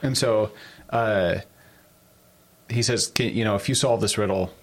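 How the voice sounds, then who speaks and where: A man co-hosting a podcast, casually retelling a story with animated, amused commentary and easy laughter. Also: fairly low pitch, unhurried. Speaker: podcast co-host.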